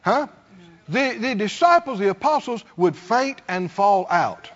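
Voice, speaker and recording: Calling out to his congregation, a preaching pastor also plays out complaining voices during his sermon in the church sanctuary. He sounds high-pitched and animated at a measured pace, with a little hiss or hum over dull audio and a long hall reverb.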